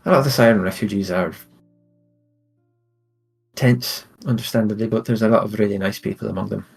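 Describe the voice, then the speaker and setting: A man speaking gently and hesitantly as he plays a tabletop game, often stumbling over his words. His voice sits low, and faint music plays under him. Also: steady tone, brisk, vocal fry, husky. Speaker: player. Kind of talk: in-character tabletop role-play.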